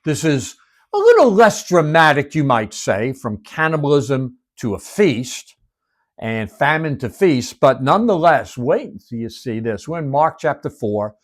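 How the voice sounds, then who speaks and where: A man teaching the Bible as a sermon, retelling its stories dramatically and dropping to hushed whispers to make his point. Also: a little high, very animated, a little slow. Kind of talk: expressive Bible-study sermon.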